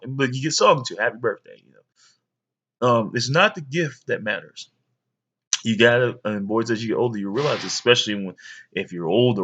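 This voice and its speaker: A man's voice: fairly low pitch, a bit bright, muffled recording. A man in his thirties, a father rambling through a childhood story for his young sons, with many fillers. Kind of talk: storytelling home video.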